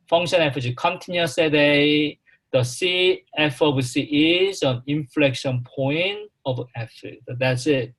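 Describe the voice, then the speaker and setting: Man, math lecturer, slow delivery, repetitive, quizzes the class. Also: a little high, a bit bright. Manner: slow, repetitive, halting, asks the class questions. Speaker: math instructor.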